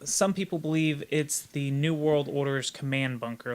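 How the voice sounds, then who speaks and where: A man's voice: a little high, fairly even intonation, normal speed, few pauses. A man co-hosting a casual group podcast, rambling with frequent restarts and laughing at his own points. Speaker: podcast co-host.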